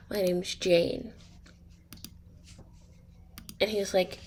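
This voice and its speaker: A woman's voice: mid-range voice, slow pace, pauses often, a little hiss or hum. A woman casually telling a made-up story while she plays a game, rambling and getting sidetracked. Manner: rambling, easily sidetracked, many fillers. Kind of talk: casual spoken storytelling over gameplay.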